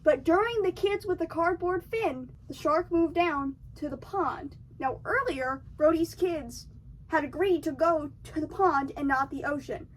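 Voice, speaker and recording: A young woman with a high voice recaps a film in loose, slangy chat, slipping into the characters' lines as she goes. Her mic sits a little way off, so she sounds slightly distant. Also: a little slow, a little hiss or hum. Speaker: video essayist.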